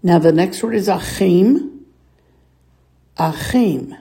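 Slow, patient woman teaching reading. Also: fairly low pitch, dark tone. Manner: patient, clears throat often, sounds words out slowly. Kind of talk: slow reading lesson with repeat-after-me drills.

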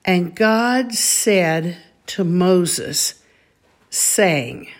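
A woman teaching a call-and-response recitation lesson, saying each word deliberately so listeners can repeat after her. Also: fairly low pitch, lively intonation. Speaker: Bible Hebrew teacher.

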